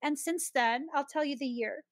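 A woman hosting a podcast, telling a personal story in a chatty, expressive way and often laughing. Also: high-pitched, normal speed, no room sound. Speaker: podcast host.

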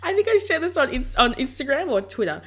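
A podcast host with a high, very animated voice talks quickly in a casual, reflective piece meant to encourage listeners in their faith. Along the way, she acts out her own inner dialogue.

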